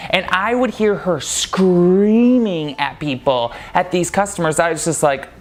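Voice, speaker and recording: A man's voice: high-pitched, a little slow, darkish tone. A man casually telling a personal story to camera, chatty and laughing often. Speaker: vlogger.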